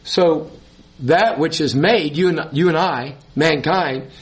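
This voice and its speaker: A man's voice: a little high, slow. Emphatic man preaching a sermon. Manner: emphatic, laughs between points, repeats words.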